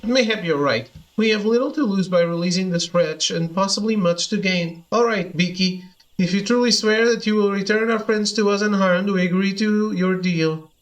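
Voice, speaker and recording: A man voicing a courteous, reasonable soldier who speaks in a measured way. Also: high voice, lightly acted, rough recording. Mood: calm. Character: level-headed, polite male soldier.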